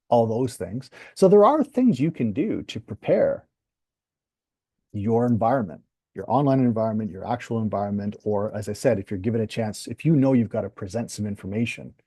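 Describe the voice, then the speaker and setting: A man teaching a workshop as a communication coach, calm and measured, acting out sample phrases. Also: on the low side, breathy edge, dry recording, studio quality.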